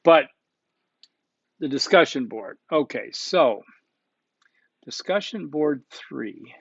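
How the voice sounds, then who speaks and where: A man's voice: fairly high pitch, expressive, slow, vocal fry, long pauses, breathy edge, no room sound. A man recording an online course lecture as the instructor, talking casually and bluntly with many asides and check-ins. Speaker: college instructor. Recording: dull muffled dry recording.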